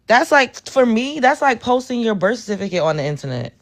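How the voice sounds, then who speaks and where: A blunt, animated woman from Brooklyn. She hosts a livestream and talks straight to her chat. She is frank and outspoken. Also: on the high side, brisk. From Brooklyn, New York. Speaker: livestream host. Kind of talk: casual livestream talk.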